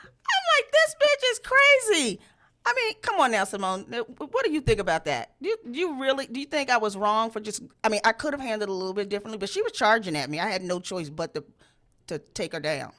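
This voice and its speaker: A woman hosting casual chat tells a story at a quick pace, animated and profane, leaping into loud, high voices whenever she quotes someone.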